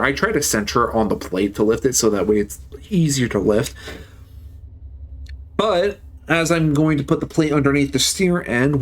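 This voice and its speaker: A man in a mid-range voice tells a story to his stream in a loose, casual way. He swears freely and gets heated as he retells it. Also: mid-range voice.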